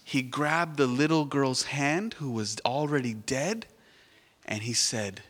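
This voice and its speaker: A man's voice: medium pitch, unhurried. A man telling a Bible story to children at church, asking them questions as he goes. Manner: animated, asks the children questions. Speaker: children's sermon leader. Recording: echoey church hall.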